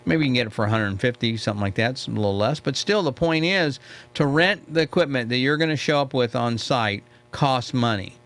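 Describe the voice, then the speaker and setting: A man's voice: medium pitch, brisk, fairly bright tone. A middle-aged man hosting a live mentoring talk, chatty and storytelling, who often checks in with "okay?". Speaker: host.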